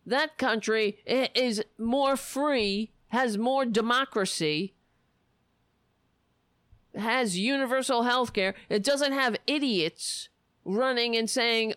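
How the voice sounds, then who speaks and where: A woman's voice: fairly high pitch, takes it slowly, a bit bright, clear, resonant tone, no room sound. A woman delivering an angry, profane political rant full of sarcasm.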